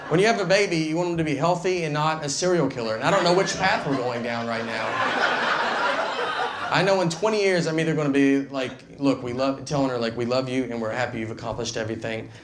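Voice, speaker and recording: A man doing a stand-up set, deadpan and rambling, with many fillers. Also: fairly high pitch, heavy background noise. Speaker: stand-up comedian. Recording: loud crowd laughter.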